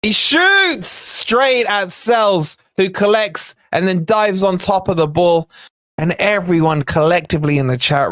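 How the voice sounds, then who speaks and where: A man hosting a live football watch-along for a fan channel, narrating the play in a chatty way, talking to his viewers and breaking into excited shouts at near misses. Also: high-pitched, measured pace, no room sound, clean studio sound. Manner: excitable, bursts into shouts at chances then calms; chatty asides to viewers in the chat.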